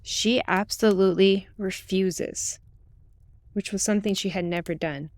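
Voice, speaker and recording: A woman reading a true ghost story aloud in the first person, with calm, steady storytelling. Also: medium pitch, unhurried, no room sound. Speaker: narrator. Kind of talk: scripted ghost story narration.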